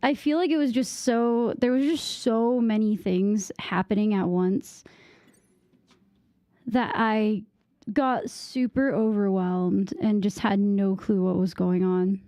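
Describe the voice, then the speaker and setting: A woman's voice: mid-range voice, fairly even intonation, slow, warm tone, no echo, studio quality. A young woman chatting casually while playing a game, rambling and easily distracted, with lots of "like" fillers. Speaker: gaming streamer. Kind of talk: casual gameplay chat.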